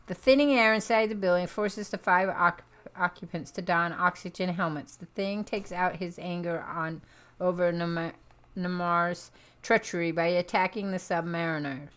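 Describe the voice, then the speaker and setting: A woman's voice: lowish voice, moderate pace, a bit bright. A woman streamer reading a comic book aloud, narrating with small stumbles and self-corrections.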